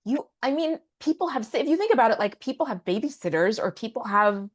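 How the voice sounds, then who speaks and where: A woman's voice: on the high side, animated, brisk. A woman co-hosting a podcast in casual chat, an amused listener who laughs readily. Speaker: podcast co-host.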